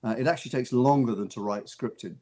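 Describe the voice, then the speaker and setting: Speaking into a radio studio mic, a male actor and author guesting on an interview shares amused anecdotes in a brisk, mid-range, slightly mellow voice. His storytelling is casual and rambling, with many restarts and repeated words.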